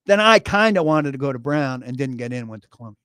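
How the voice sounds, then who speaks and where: A man's voice: mid-range voice, expressive, quick pace, bright, forceful tone, smooth, no echo, clean studio sound. A man in his fifties co-hosting a sports talk radio show, wry and rambling, often correcting himself as he tells stories. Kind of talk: casual sports radio banter. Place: radio studio. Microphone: studio microphone.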